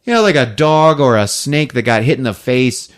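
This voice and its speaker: Animated man retelling a movie. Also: mid-range voice, moderate pace. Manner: animated, laughing, acting out characters. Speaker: podcast host. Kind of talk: casual movie recap.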